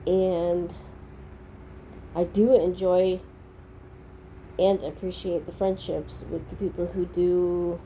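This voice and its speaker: A middle-aged woman rambles through a relaxed diary vlog, speaking slowly in a mellow, soft-edged voice. Faint room ambience sits behind her. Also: lowish voice, slight background noise, rough recording. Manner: rambling, unhurried, warm toward viewers. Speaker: vlogger. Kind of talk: casual diary-style chat to viewers.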